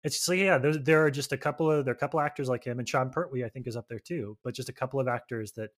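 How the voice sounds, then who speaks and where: A man's voice: medium pitch, rapid-fire. A man co-hosting a casual film podcast, giving thoughtful, analytical comments. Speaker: podcast co-host.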